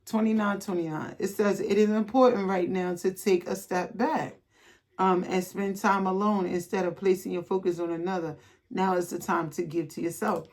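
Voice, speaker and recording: A woman's voice: medium pitch, little pitch movement, moderate pace, a little mellow. A woman reading tarot cards to her viewers in a loose, casual way, blunt and chatty, swearing freely and reading card messages aloud. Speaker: tarot reader.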